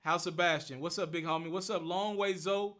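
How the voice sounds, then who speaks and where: A young man hosting a casual phone livestream, rattling off rapid shout-outs to viewers and answering their questions. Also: high-pitched, fairly even intonation. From Memphis. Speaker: livestream host.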